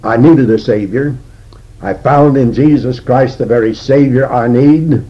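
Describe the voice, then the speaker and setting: Older male Bible teacher, husky and unhurried, deliberate sermon delivery on a dull lo-fi recording. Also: medium pitch. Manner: slow and deliberate, with frequent "uh" pauses. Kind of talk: expository sermon.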